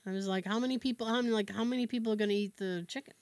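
A woman co-hosting a podcast, telling a family story in casual chat, animated and acting out her relatives' voices with frequent laughs. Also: mid-range voice, racing, dry recording. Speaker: podcast co-host.

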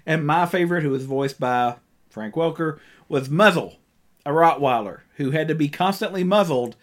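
A man's voice: fairly high pitch, moderate pace. Rambling man recapping an old cartoon. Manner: rambling, many ums and restarts, laughs often. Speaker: podcast co-host. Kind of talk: casual chat about old cartoons.

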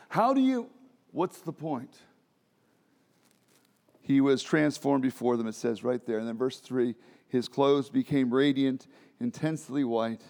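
A man preaching a sermon as pastor in a church service, animated and self-deprecating, often restarting his sentences and laughing. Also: medium pitch. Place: church during a worship service.

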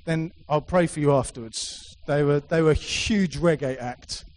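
A middle-aged preacher addresses his congregation in a church hall, repeating himself emphatically and slipping in playful asides. He speaks at a moderate pace in a fairly high, darkish voice, captured on a low-quality recording.

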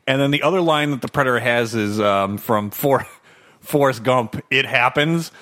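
A man's voice: mid-range voice, normal speed, a bit bright. A man hosting a podcast, chatting casually about a movie, chuckling and reading from his notes. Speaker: podcast host. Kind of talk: casual movie commentary chat.

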